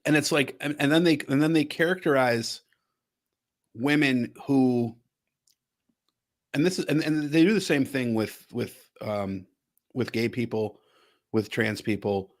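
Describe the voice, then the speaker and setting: A man hosting a casual podcast in a mid-pitched voice. He rambles and circles back on his phrases as he works through his thoughts. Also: a little slow, pauses often. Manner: rambling, restarts phrases, thinks out loud. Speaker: podcast host.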